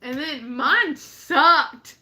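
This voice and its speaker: High bright animated woman, laughing storyteller. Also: drawn-out words. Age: 20s. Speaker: co-host. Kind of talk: casual chat, reading live chat.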